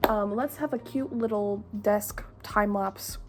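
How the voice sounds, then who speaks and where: A woman's voice: mid-range voice, steady tone, a little slow. Rambling young woman vlogging her day. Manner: rambling, self-deprecating, chatty. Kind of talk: casual vlog chat.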